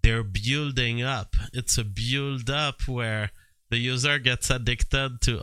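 A man giving casual commentary and reading text aloud from a screen, halting and full of fillers, with bursts of disbelief. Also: medium pitch, fairly even intonation, pushed and bright, clear, resonant tone, no echo.

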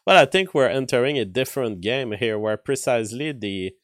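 A native French speaker with a French accent streams live news commentary, answering chat while thinking aloud with plenty of fillers and restarts. His mid-range voice is expressive and brisk, captured in a clean studio with no room sound.

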